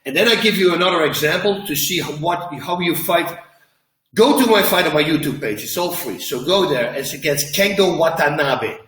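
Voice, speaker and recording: A man who is a former fighter, answering interview questions in an emphatic, animated way and acting out quotes as he tells stories. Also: on the high side, moderate pace, roomy sound, far from the mic, slight background noise, poor audio.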